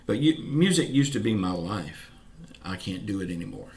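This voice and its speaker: A man's voice: fairly low pitch, very animated, normal speed, darkish tone. A man with a Southern US accent, from Florida, hosting a casual video update in a folksy, earnest way; some of his words come out slurred. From Pensacola, Florida, US. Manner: folksy, earnest, keeps saying y'all. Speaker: channel host. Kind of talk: casual direct-to-camera update.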